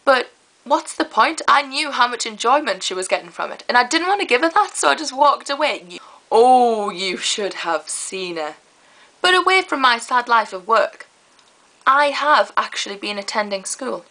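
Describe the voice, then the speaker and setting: A teenage girl, chatting to camera in a rambling, lively way. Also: sits high, normal speed, poor audio. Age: teens. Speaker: vlogger. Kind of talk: casual chat to camera.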